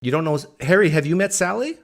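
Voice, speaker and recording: A man hosting a casual live question-and-answer stream, teasing and animated with his callers. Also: a little high, quick pace, creaky. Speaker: livestream host.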